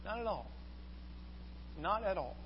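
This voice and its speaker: A high-pitched man preaches earnestly, pressing his listeners with question after question. His voice rings with a long hall echo on a dull, lo-fi recording with a faint hiss behind it. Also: big pitch swings, unhurried. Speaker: pastor. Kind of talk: sermon.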